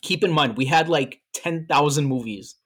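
A man's voice: a little high, moderate pace, a bit bright. A man co-hosting a podcast in casual chat, telling stories in a playful, teasing way and tripping over his fillers. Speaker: podcast co-host.

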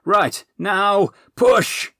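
A man voicing a brisk, resourceful male wizard who gives urgent commands. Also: medium pitch, expressive, a bit bright, dry recording, studio quality, pitched above the performer's own voice. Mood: shouting.

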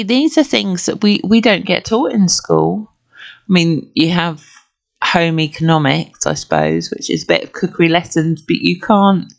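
A middle-aged British woman hosting a casual solo podcast, talking in a gentle, rambling way with many fillers. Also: lowish voice, vocal fry. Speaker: podcast host.

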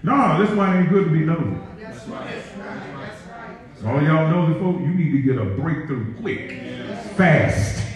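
A man's voice: fairly high pitch, lively intonation, a little slow, pauses often. A man preaching a sermon as pastor, joking with the congregation and calling out to them. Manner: playful, joking asides, call-and-response with congregation. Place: large church sanctuary. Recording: very echoey hall, dull sound, from far off.

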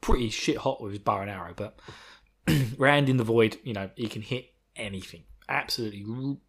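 Rambling man, husky. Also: fairly low pitch, moderate pace. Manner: rambling, swearing, self-mocking. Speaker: podcast host. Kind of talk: casual book recap.

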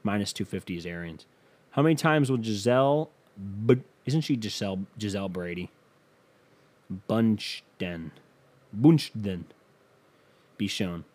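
A man's voice: fairly low pitch, lively intonation, normal speed, a little mellow. A man hosting a casual solo podcast, offhand and profane as he reads betting odds aloud. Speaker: podcast host.

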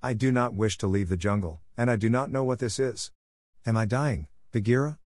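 A man's voice: mid-range voice, a little fast, a little mellow, no room sound, clean studio sound, lightly acted. A man voicing a fierce, defiant boy raised by wolves in a storybook reading, commanding in manner. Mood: bewildered.

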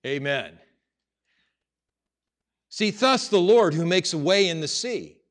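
Emphatic pastor preaching. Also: male voice, high voice, expressive, measured pace. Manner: conversational preaching, building to loud emphatic passages. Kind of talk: sermon.

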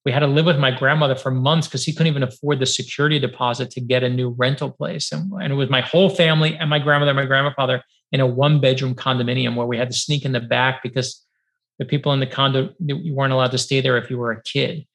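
A middle-aged man from New York, an author guest telling lively stories in a podcast interview over a video call, acting out the dialogue he recalls. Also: medium pitch, fast, creaky. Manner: lively, acts out quoted dialogue, many fillers of 'like'. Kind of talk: animated storytelling in a podcast interview.

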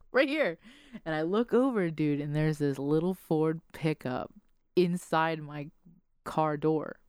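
A woman podcast host telling a casual story with animated quoted voices and frequent laughs. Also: low voice, slow pace, smooth, no room sound, studio quality.

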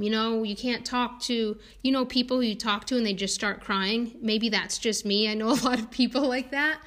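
A woman's voice: medium pitch, a bit bright. A woman, a homeopath, talking casually and chattily, with many fillers and restarts, and laughing now and then. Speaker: homeopath and podcast guest. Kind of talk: casual conversational talk.

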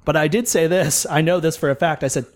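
Profane, animated storytelling man. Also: a little high, fast talker. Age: older than mid-twenties. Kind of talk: casual chat.

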